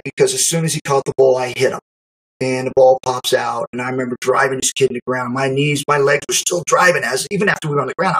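A middle-aged man casually recounting a memory, animated, acting out quotes and laughing often. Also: medium pitch, low-quality recording. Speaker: storyteller recalling youth football. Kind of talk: casual spoken memoir.

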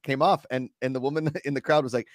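A man's voice: mid-range voice, fairly even intonation, fast, dry recording, studio quality. A playful man hosting a podcast in casual, joking chat. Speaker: podcast host.

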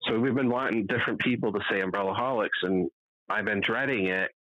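A man's voice: on the low side, a little fast, a bit bright, dry recording, dull audio. A man co-hosting a podcast from home, telling rambling, profane stories in a casual chat. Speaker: podcast co-host.

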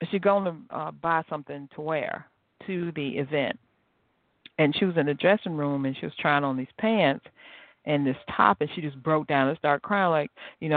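A woman hosting a podcast on her own, chatting in a lively way and laughing often. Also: deep voice, moderate pace, no echo. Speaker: podcast host. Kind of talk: casual solo talk. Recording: tinny phone-like sound.

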